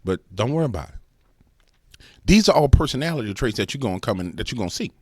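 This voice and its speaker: A man's voice: mid-range voice, big pitch swings, fast, a little mellow, breathy edge, dry recording, clean studio sound. A man hosting a reaction channel, joking in slangy comedic commentary.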